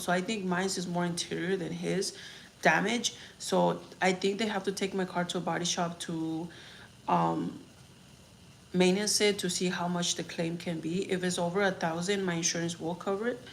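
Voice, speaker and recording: With a lowish, creaky voice and fairly even intonation, a young woman vlogger chats casually on a livestream at a normal speed. She reads comments and rambles frankly through a story, swearing along the way, over faint background noise.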